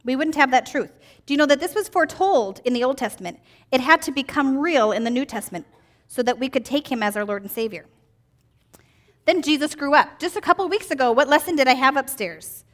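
High-voiced woman teaching a children's lesson. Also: animated, brisk. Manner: upbeat, quizzing children with questions.

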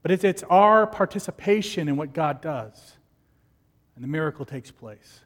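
A man preaching a sermon as pastor, lively and animated, acting out the people in his stories. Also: a little high, normal speed, big-room sound.

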